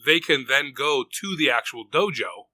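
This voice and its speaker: Bright dry-voiced man telling a rambling story. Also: medium pitch, expressive, normal speed, no echo. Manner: rambling storyteller, swears casually, acts out quotes. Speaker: podcast co-host. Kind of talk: casual chat.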